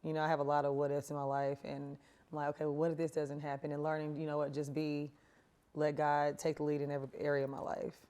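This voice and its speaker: A woman hosts a casual faith podcast in a very low, mellow voice. She talks in an easy, reflective way and keeps affirming her guest as he speaks. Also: monotone, fast talker. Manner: warm affirming listener, reflective. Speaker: podcast host. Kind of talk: casual chat.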